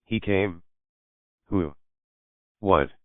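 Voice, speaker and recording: A man voicing a tired, bewildered young woman who asks halting questions. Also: low-pitched, dry recording. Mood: puzzled. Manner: puzzled, halting. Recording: narrow phone-like dry sound.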